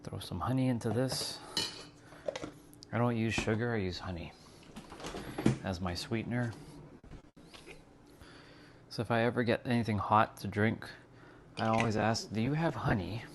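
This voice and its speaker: A man's voice: lowish voice, steady tone, measured pace, long pauses. Man from north america, casual livestream chat, faint background hiss. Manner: chatty, laughing, talking to viewers while making a drink. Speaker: livestream host.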